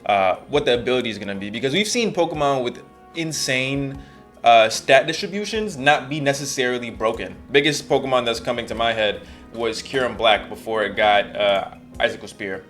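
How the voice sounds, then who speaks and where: A man in a casual chat analyzing a competitive game, excitable and often laughing mid-sentence. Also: mid-range voice, a little fast, soft background music. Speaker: co-host of a competitive game discussion.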